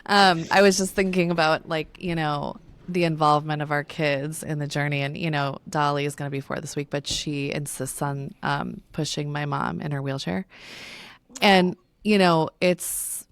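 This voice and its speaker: Creaky-voiced woman, candid and emotional. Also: sits low, fairly even intonation, normal speed. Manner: emotional, candid, swears casually. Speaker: podcast co-host. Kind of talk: casual chat.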